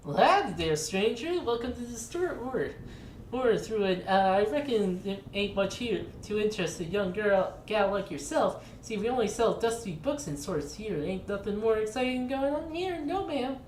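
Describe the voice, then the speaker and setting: A woman voicing an old male cowboy shopkeeper who talks in a slow, folksy drawl. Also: mid-range voice, lively intonation, a little mellow, voice pushed up, close to an everyday voice. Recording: echoey room with faint noise.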